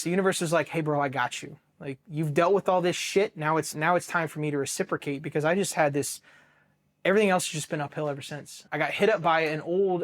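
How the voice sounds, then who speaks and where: A man in his thirties from Ohio, a military veteran telling his story candidly, blunt and heavily profane, with flashes of emotion. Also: fairly high pitch. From Ohio, USA.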